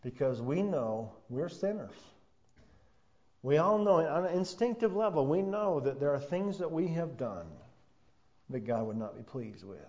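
A man preaching a sermon as pastor, building to loud emphatic peaks and then dropping low and quiet for weight. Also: expressive, measured pace. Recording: dull lo-fi sound.

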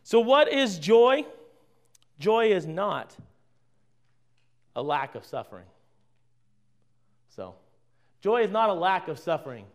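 A man preaching a sermon, asking his congregation rhetorical questions and swinging between loud emphasis and quiet asides. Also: sits high, very animated, takes it slowly, pauses often. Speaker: pastor.

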